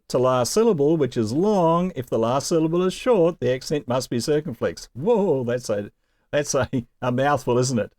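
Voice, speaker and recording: Male teacher, earnest and emphatic, mid-pitched, dry close recording. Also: darkish tone, no echo. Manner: earnest, emphatic, with asides to the learner. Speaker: Greek teacher. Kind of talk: recorded video lesson.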